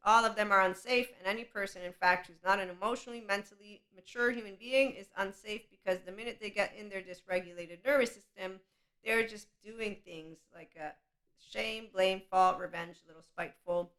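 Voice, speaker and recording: A woman's voice: medium pitch, brisk, a bit bright. A woman hosting a podcast, talking in a passionate, rambling spiritual monologue and laughing often. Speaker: podcast host.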